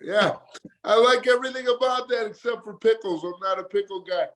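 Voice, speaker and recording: A man hosting a podcast, reacting to his guest with quick, eager interjections. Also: sits high, a bit bright. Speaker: podcast host. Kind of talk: casual interview.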